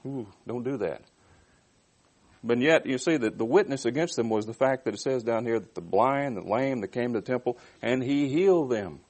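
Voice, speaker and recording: A man's voice: medium pitch, a little fast, few pauses, darkish tone. A man giving an expository sermon, reading verses aloud and then unpacking them. His voice sits in a middle register, and he speaks in a plain, conversational way with frequent restarts and asides to his listeners. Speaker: preacher. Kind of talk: expository Bible teaching.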